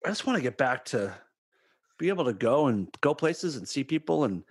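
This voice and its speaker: A man co-hosting a podcast from a remote call, trading casual banter. He jokes and swears freely. His voice has a mid pitch and a dry, close sound. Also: big pitch swings, slightly rough, dry recording. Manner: joking, profane, quick backchannel. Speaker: podcast co-host. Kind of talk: casual chat.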